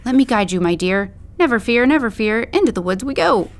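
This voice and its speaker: A woman's voice: a little high, expressive, brisk, pitched above the performer's own voice, natural voice. A woman voicing a playful, theatrical young man who talks in a mock-grand, teasing way.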